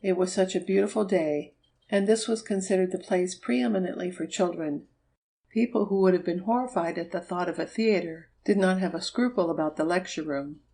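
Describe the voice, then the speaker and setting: A woman narrating a children's storybook in a steady, measured reading. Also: on the low side, poor audio. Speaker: audiobook reader. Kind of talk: scripted narration.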